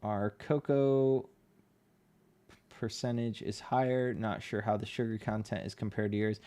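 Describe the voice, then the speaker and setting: A man's voice: fairly low pitch, flat delivery, a little slow, dark tone. A man with a Northeastern American accent, chatting casually with his livestream audience while drawing. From Connecticut, USA. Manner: chatty, reads chat aloud, laughs often. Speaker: livestreaming artist.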